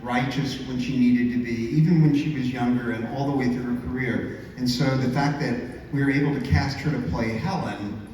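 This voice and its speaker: A man who writes and directs the show, speaking on a convention panel and praising his cast warmly. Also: mid-range voice, normal speed, slight background noise. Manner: effusive, full of praise. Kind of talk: panel talk. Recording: echoey convention hall, far mic.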